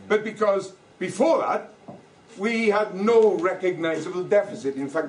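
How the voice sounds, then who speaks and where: Older guy roasting politicians, high lively voice, far off in a roomy hall. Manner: mocking, punchy, plays for laughs. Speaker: political speaker. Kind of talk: comic political speech. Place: hall with audience, no microphone. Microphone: no microphone, recorded from far off. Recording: echoey hall from far off, noisy. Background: audience laughter.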